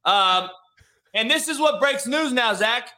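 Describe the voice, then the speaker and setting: A man's voice: very high-pitched, lively intonation, measured pace, sharp tone. A man hosting a casual sports talk show, loose and profane, with lots of restarts. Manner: loose, profane, restarts a lot, says "dog". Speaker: podcast host.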